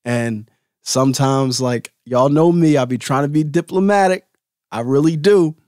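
A man hosting a solo podcast, giving a heated, profane and confrontational rant that now and then drops to a low, calm voice. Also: measured pace, dry recording, clean studio sound. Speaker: host.

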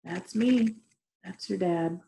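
A woman reading a hushed, grieving father. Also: high-pitched, gravelly, heavily acted. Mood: tender. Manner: hushed, halting. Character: grieving father, gentle and choked up. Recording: roomy echoey room recording.

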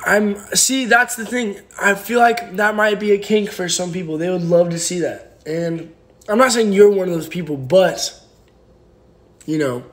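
A young man chats on a phone livestream from home, answering viewer comments with rambling jokes and playful teasing. His voice sits a bit higher than most men's. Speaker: livestream host. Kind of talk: casual livestream chat reading viewer comments. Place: home, indoors.

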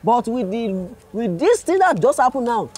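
A man's voice: extremely high pitch, big pitch swings, moderate pace, darkish tone, slightly rough, heavily acted. A man with a Nigerian accent playing a flustered older driver who stammers and pleads with a policeman in a comedy skit. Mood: pleading.

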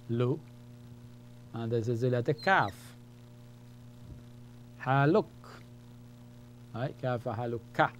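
A man gives a classroom lesson in a patient, step-by-step way, repeating key points and checking in with the learners. His voice sits at an ordinary middle pitch. A faint hum runs underneath the recording. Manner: patient, repetitive, explains step by step. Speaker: Arabic teacher.

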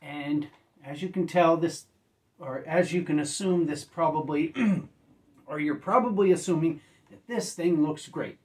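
A man casually reviewing discs at home, rambling and correcting himself, often clearing his throat as if he just woke up. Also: on the high side, a little slow, distant mic. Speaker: disc reviewer.

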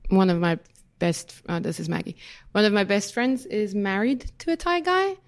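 A woman guest on a podcast panel who chats quickly and fills her talk with "like" and mock-cheery quotes. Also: medium pitch. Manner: chatty, lots of "like", mock-cheery quoting. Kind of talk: casual panel chat.

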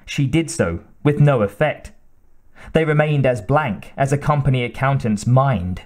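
This is scripted audiobook narration by a man whose mid-range voice stays steady and measured throughout.

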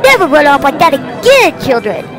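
A woman's voice: sits high, sing-song, moderate pace. A woman playing a caring, worried dad to a family of puppies in a game roleplay, reassuring and fussing over them. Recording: game music and crowd noise behind.

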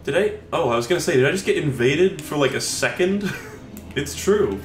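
Sarcastic, profane man yelling at a game. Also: on the high side, lively intonation, normal speed, reverberant. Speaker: gaming streamer. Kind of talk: live gameplay commentary.

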